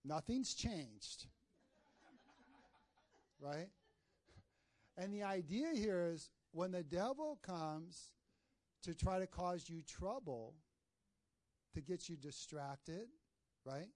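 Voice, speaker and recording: A man's voice: high-pitched, lively intonation, slow, long pauses, a little mellow, dry recording. A man preaching a sermon, asking the congregation for amens and telling a story partway through. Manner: call-and-response, asks the congregation for amens; tells jokes and stories mid-sermon.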